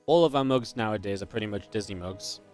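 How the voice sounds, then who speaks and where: A man from Northern England with a mild Geordie accent, casting an esports match with chatty, laid-back talk between plays and quick, lively calls during fights. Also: on the low side, faint music behind. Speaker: esports caster. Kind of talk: live game commentary with casual chat.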